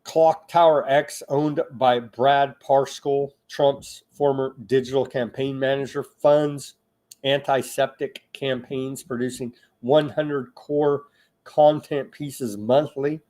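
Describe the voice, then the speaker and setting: Slow, deliberate male news host. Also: mid-range voice, fairly even intonation. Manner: slow, halting delivery with asides and restarts; grows loud and emphatic when addressing listeners. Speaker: online news show host. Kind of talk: reading and commenting on news reports.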